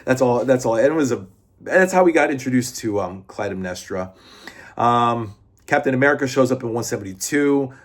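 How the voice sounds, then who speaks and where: Male reviewer, casual, rambling delivery, middle pitch. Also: lively intonation, a little fast. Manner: rambling, lots of fillers, restarts and swearing. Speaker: comic book reviewer.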